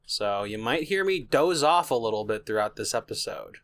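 A man's voice: mid-range voice, animated, normal speed. A young man co-hosting a podcast, sleepy and dry, joking at his own expense. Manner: dry, self-deprecating, laughing. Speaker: podcast co-host. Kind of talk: casual comedic chat.

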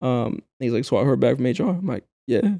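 A young man co-hosting a podcast, telling a work story in casual chat, animated and swearing freely. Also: mid-range voice, fairly quick, creaky, dry recording. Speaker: podcast co-host.

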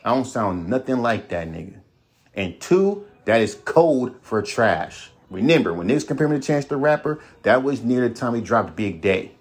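A man's voice: medium pitch, big pitch swings, normal speed. A man hosting a podcast alone, ranting bluntly with heavy profanity and repeating himself. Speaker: podcast host. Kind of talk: solo ranting monologue.

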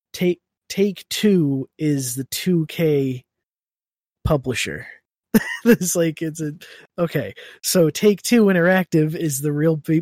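A man's voice: on the high side, a little mellow, no room sound, clean studio sound. A young man co-hosting a podcast in casual chat, rambling and laughing as he restarts his sentences. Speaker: podcast co-host.

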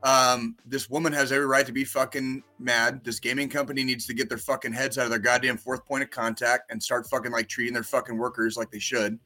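A man's voice: medium pitch, level tone, a little fast, hardly any pauses, sharp tone, faint music behind. A man co-hosting a podcast, ranting in casual chat with lots of swearing. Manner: profane ranting, heavy swearing. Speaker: podcast co-host.

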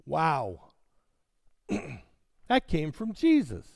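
Male preacher, slow and gravelly, voice swoops up and down a lot, dry sound. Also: sits high, no room sound. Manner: expressive preaching with dramatic scripture reading. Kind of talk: sermon.

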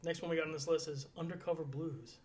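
A man's voice: a little high, steady tone, quick pace, darkish tone, slight background noise. A man co-hosting a podcast who moves the list along in casual chat. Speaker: podcast co-host running the list.

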